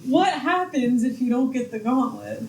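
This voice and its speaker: A woman's voice: high voice, expressive, normal speed, vocal fry, a little mellow, echoey room, poor audio. A woman playing a tabletop game, asking coy, probing questions. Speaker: player.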